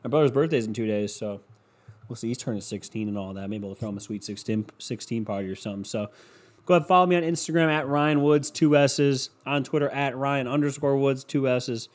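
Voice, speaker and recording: A man's voice: mid-range voice, brisk. A young man hosting a casual solo podcast, rambling on and swearing constantly, with lots of "like" fillers. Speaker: podcast host.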